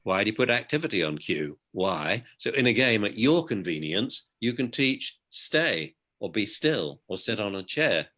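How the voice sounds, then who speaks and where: A man with a British accent, a dog behaviour expert giving an outspoken, lively interview. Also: on the low side, normal speed, few pauses. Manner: outspoken, animated storyteller. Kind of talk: conversational interview.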